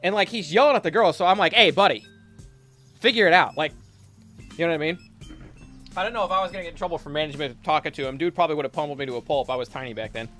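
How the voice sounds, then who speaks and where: A young man chatting loosely on a game stream, cursing freely as he tells stories. His voice sits a little high and has a bright, forceful edge. Music plays faintly behind him. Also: racing. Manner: storytelling, profane, reads chat aloud. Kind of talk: casual gaming stream chat.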